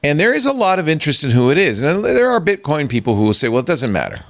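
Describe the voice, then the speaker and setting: A male host leads a casual tech talk show, playful and theatrical. His voice swoops wildly from low to high, stretching words when he reads something aloud. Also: sing-song, fast talker, a bit bright.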